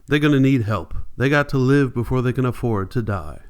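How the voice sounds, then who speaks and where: A man's voice: mid-range voice, brisk, clear, resonant tone, lightly acted. A man voicing an earnest, thoughtful former preacher who talks in plain rural dialect in an audiobook.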